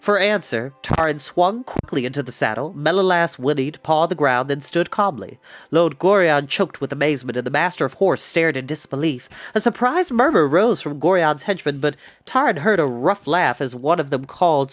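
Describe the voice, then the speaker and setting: A man's voice: fairly high pitch, moderate pace, no room sound. A man reading a novel chapter aloud, acting out the dialogue. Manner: animated, acts out dialogue. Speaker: storyteller.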